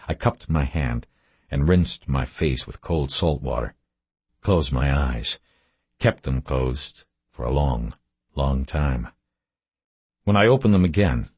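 Man narrating a story, super deep voice, kinda husky, short flat sentences, dry close sound. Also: no echo. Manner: terse, measured, low-key delivery. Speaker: audiobook narrator. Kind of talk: scripted first-person narration.

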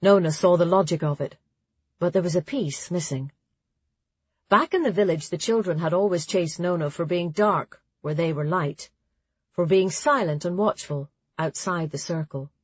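Husky-voiced woman reading an audiobook. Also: on the low side, normal speed, dry recording. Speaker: audiobook narrator. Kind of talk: scripted audiobook narration. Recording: dry, slightly dull audio.

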